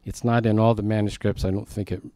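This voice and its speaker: A man's voice: on the low side, level tone, fast talker, dark tone, no echo. Plain-voiced man teaching the Bible, dry sound. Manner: conversational, emphatic, with frequent asides to the class.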